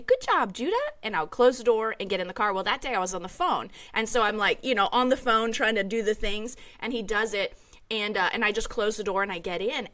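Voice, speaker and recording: A woman guest on a podcast, telling a family anecdote in a lively, casual way. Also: medium pitch. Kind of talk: casual storytelling.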